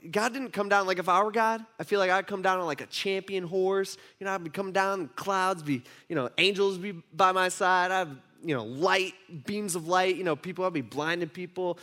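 A man in his thirties preaches with a noticeably high voice, sliding from hushed asides into emphatic bursts. He tells a family story the way a sermon storyteller would. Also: brisk, hardly any pauses. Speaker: pastor.

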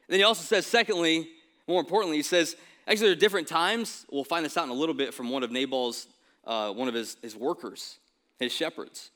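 A man preaching a sermon in a relaxed, everyday way, as if chatting with the congregation. His voice sits a little high for a man and sounds bright and forceful. He keeps tossing in quick asides to the listeners. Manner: casual, conversational preaching with frequent "right?" asides. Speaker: pastor.

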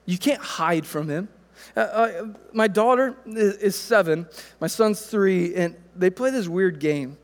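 High-voiced preacher in a reverberant hall. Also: male voice, measured pace. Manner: conversational storytelling preacher, animated. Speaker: pastor. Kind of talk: sermon.

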